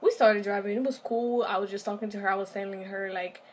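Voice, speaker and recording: A woman's voice: mid-range voice, fast talker, slight background noise. Chatty woman telling a storytime. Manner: animated, chatty, addresses viewers directly. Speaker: vlogger. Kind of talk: casual storytime.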